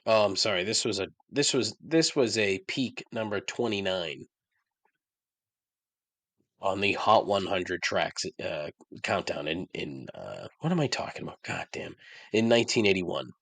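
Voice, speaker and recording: Guy with a lowish voice griping and cussing about bad songs, dry close mic. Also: expressive, unhurried, creaky, a bit bright, no room sound. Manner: ranting, sarcastic, swears often. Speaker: podcast host. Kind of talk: casual monologue.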